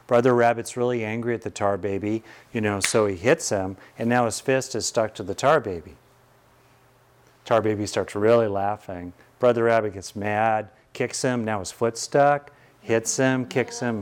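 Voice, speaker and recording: A male meditation teacher speaks in a relaxed, conversational way, moving into stories to answer his students. His voice sits at an ordinary mid pitch. He sounds folksy and unhurried. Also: clean tone. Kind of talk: teaching talk with Q&A.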